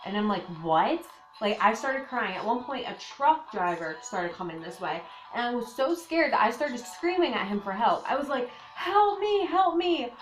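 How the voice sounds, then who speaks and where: A woman's voice: medium pitch, lively intonation, normal speed, few pauses. A young woman telling a storytime on her vlog, casual and breathless, with lots of filler words and emphatic disbelief. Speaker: vlogger. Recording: echoey room with faint music.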